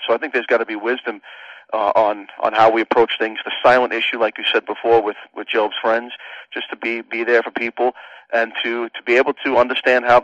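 A man's voice: mid-range voice, a bit bright, dry recording, highs cut off. A man co-hosting Christian radio talk, earnest and reasoning aloud.

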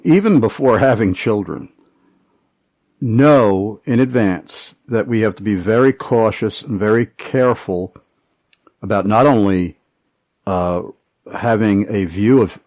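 A man hosting a Christian call-in radio show, asking long, winding questions broken by frequent "uh" pauses. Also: fairly low pitch, a little mellow, dry recording, dull audio. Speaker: radio talk show host.

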